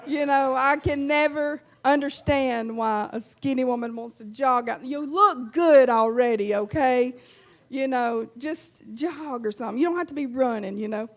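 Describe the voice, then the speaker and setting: A woman's voice: high-pitched, normal speed. A woman in her fifties with an Alabama accent, performing a folksy stand-up set and chuckling at her own lines. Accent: Southern US, Alabama. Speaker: stand-up comedian.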